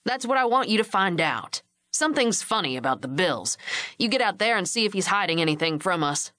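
A woman reading an audiobook voices a gruff, commanding middle-aged ranch patriarch who barks curt orders at his grown sons. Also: high voice, expressive, a little fast, pushed and bright, no room sound.

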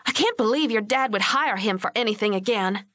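Woman doing a sharp, sarcastic ranch wife. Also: medium pitch, lively intonation, brisk, no room sound, clean studio sound, lightly acted.

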